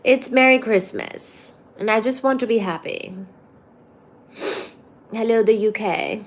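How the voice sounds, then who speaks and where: A woman hosting a livestream, slowly greeting viewers by name and reading their messages aloud. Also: on the high side. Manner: slow, drawn-out greetings reading out viewer names. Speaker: livestream host.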